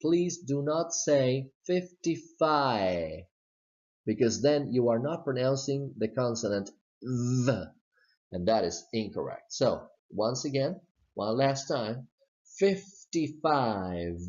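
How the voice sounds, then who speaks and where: A man with a Southern US accent teaching English pronunciation, modeling words slowly and repeating them. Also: mid-range voice, lively intonation, a little mellow. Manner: slow, modeling words with exaggerated repetition. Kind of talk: slide-based pronunciation lesson. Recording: dull lo-fi recording.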